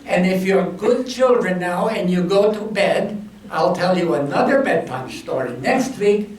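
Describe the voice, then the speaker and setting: High, lively, slow-telling jokey storyteller man. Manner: jokey, punning, slow and drawn-out. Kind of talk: comic bedtime story telling. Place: community hall. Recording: echoey room, mic far off.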